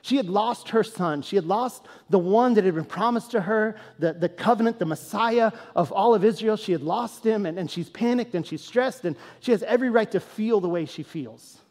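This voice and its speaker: A man preaching a sermon as a pastor, telling a story in an animated, conversational way and then teaching in a more earnest, quieter tone. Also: high-pitched, normal speed, hardly any pauses. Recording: long hall reverb.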